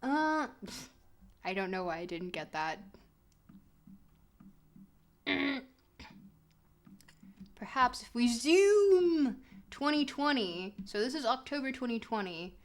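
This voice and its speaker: This woman's voice is a little high and very animated, yet she goes slowly and pauses often. Streaming a geography game, she reads her chat out loud and reacts with laughs and playful indignation in loose, casual commentary.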